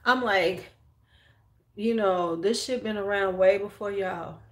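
A woman's voice: medium pitch, slow pace. A middle-aged woman hosting a beauty livestream, chatting casually and frankly while doing her makeup, joking bawdily with viewers.

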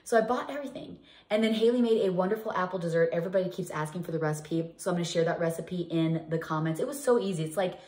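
A middle-aged woman talks casually as a home cooking vlogger, her lowish, darkish voice moving fast with hardly any pauses. Her stories ramble, full of restarts and fillers, and the room sounds echoey.

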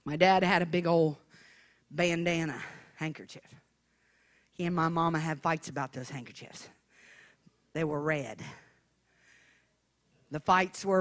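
A woman evangelist telling a folksy, humorous story in a sermon, swinging between hushed asides and shouted preaching. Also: low-pitched, a little slow, long pauses.

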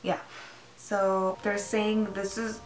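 A young woman vlogging from her laptop in a small room, talking at a middling pitch. She rambles and gets easily spooked, padding her talk with "um" and "like". The room rings with echo. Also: flat delivery, slow pace, soft background music. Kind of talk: casual chat to camera. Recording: echoey room.

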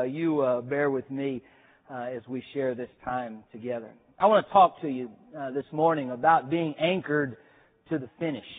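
A man gives a chapel sermon at a seminary in an easygoing, self-deprecating manner, often pausing on filler sounds. His voice sits high for a man. The recording is narrow and tinny, like a phone line. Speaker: preacher.

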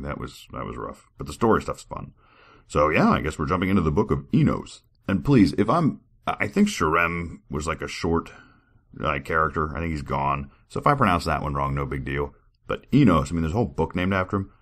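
A man's voice: extremely low pitch, creaky, fairly bright tone. A man hosting a podcast, reading a text aloud and breaking in with wry, sarcastic comments. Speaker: podcast host.

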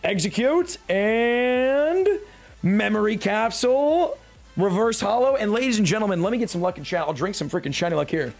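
A young man excitedly opening card packs on a live stream, joking and talking slangily to his chat. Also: high voice, very fast, hardly any pauses, breathy edge, soft background music. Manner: hyped, jokey, talks to chat, slangy.

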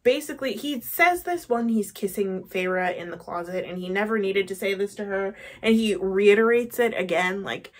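A woman's voice: mid-range voice, normal speed, few pauses, no echo. A woman giving a casual, sarcastic and exasperated rant review of a book on her channel.

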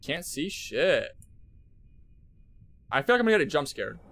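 A young man streaming a horror game, jumpy and swearing, talking to his chat and shouting at those who laugh at him. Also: on the high side, sing-song, normal speed. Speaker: gaming streamer. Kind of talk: live horror game commentary. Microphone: headset.

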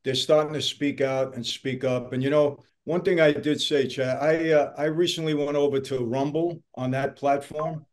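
A man's voice: fairly high pitch, fairly even intonation, moderate pace, hardly any pauses. An older man co-hosting a podcast, telling stories in a blunt, emphatic way. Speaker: podcast co-host. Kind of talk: casual chat.

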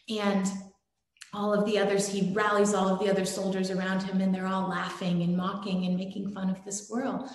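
Gentle woman giving a devotional talk, echoey. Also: medium pitch, little pitch movement, brisk. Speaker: satsang speaker. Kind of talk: devotional sermon with storytelling. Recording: very echoey room.

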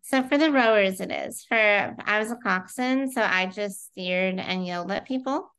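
A woman in her thirties speaks as an interview guest, her voice smooth and resonant at an ordinary middle pitch. She tells her own story in a chatty, flowing way with plenty of fillers. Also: moderate pace, a bit bright. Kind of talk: casual conversational interview.

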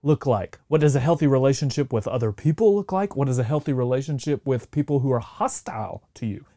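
A man's voice: medium pitch, expressive, fast, warm tone, no room sound. A middle-aged man, a pastor, preaching a sermon in a conversational way and acting out the voices of people he quotes. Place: church sanctuary.

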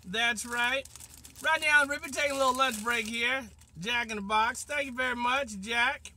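A man speaks in an extremely high register with a sharp, bright tone. He chats in a casual, upbeat way while sitting in his car, looping back to the same catchphrases. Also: moderate pace, slight background noise. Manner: chatty, upbeat, repeats catchphrases. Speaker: vlogger reviewing fast food. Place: in a parked car.

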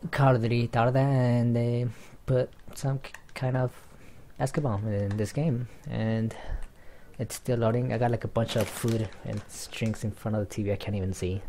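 A young man giving casual commentary over his gameplay, rambling and easily distracted, with sudden excited outbursts. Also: mid-range voice, slight background noise. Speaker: gaming YouTuber. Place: home room in front of TV.

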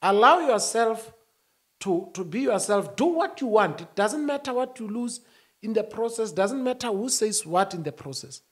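A man speaking as a union-leader guest, emphatic, rising to shouts and then dropping low. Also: lively intonation, normal speed. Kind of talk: animated interview talk.

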